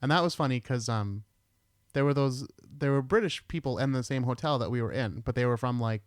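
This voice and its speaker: A man's voice: medium pitch, a little fast, no echo, studio quality. A middle-aged American man hosting a podcast, chatting casually and telling stories with the odd swear word. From United States. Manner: laid-back, swears casually, tells stories. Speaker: podcast host. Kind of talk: casual chat.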